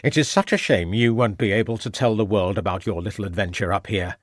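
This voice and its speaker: A man's voice: fairly low pitch, fast talker, dry recording, clean studio sound, close to an everyday voice. A man playing a sneering, gloating villain. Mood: menacing. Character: scheming, sneering murderous male villain.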